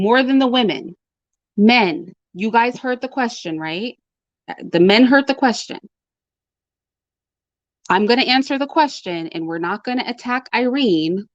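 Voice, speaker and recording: A woman with a slightly high voice speaks direct-to-camera on her own commentary channel, giving her audience emphatic, repeated warnings. The recording is dry, with the highs cut off.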